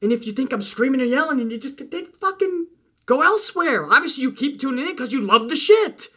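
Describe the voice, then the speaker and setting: A man who talks loud, close to yelling, in a bright, forceful voice. His pitch swings up and down as he rants, and he swears often. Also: big pitch swings, a little fast. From Italian-American household. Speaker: wrestling channel host. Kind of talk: casual rant to viewers.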